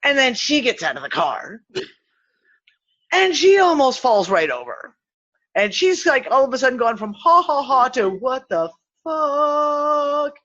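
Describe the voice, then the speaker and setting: A woman's voice: a little high, normal speed, pauses often. A woman hosting a casual discussion, telling a story with swearing and acted-out quotes. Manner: animated, profane, acts out quotes. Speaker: host of a spiritual discussion show. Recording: slightly dull lo-fi sound.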